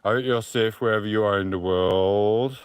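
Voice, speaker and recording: Low-voiced British man rambling on a walk. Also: moderate pace, clear, resonant tone, dry recording. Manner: rambling, defensive, chatty. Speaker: live streamer. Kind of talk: casual live stream chat while walking. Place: outdoors, walking along streets.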